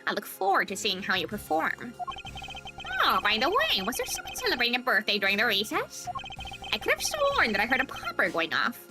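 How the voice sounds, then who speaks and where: A kindly old judge, as a woman puts him on, meandering gently from one thought to the next while reading game dialogue. The voice sits high and swings widely up and down, with game music playing clearly behind it. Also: huge pitch swings, brisk. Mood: genial. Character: elderly male judge, kindly and rambling.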